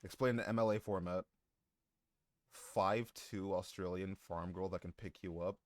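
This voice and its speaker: A man's voice: low voice, steady tone, unhurried, no echo. A man live-streaming who chats casually with his viewers, joking, swearing and laughing often.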